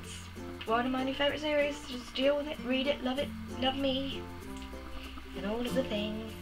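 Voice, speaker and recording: A woman's voice: high-pitched, fairly even intonation, poor audio. Chatty young woman vlogging. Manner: chatty, bubbly, quick asides. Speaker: book vlogger. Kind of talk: casual chat. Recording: music playing behind.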